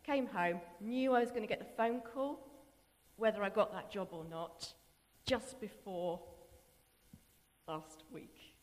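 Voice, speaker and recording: A middle-aged woman giving a personal testimony in an earnest, emotional way that often drops to a hushed voice. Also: mid-range voice, slow, pauses often, long reverb tail. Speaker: church member giving testimony.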